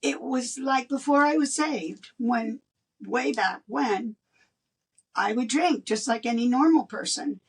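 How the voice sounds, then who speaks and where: An older woman, a guest in an interview, telling a personal story in an animated way and laughing between lines. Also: on the high side, slow, breathy edge, far from the mic.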